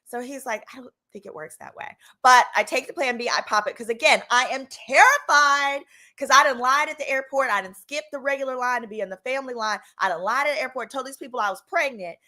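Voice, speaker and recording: A woman in her thirties hosts a channel and tells a long personal story in a sassy, animated way. Her voice is bright and a little high, and she slips into other people's voices for the quotes. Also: fairly quick. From Texas. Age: 30s. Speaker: legal commentary host. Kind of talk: casual storytelling.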